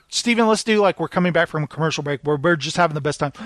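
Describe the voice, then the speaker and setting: A man's voice: on the high side, animated, fast, fairly bright tone, no room sound, clean studio sound. A man co-hosting a podcast, reading out reviews in a jokey way and laughing often. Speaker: podcast co-host.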